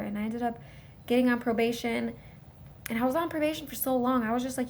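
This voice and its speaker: A woman's voice: on the high side, normal speed, gravelly, long pauses, a little hiss or hum. A woman vlogger telling a rambling personal story straight to her viewers in a casual way.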